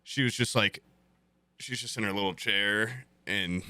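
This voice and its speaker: Young male podcast host, bright and tense voice, rambling casual storyteller. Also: lowish voice, unhurried, clean tone, dry recording. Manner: rambling, filler-heavy, swears.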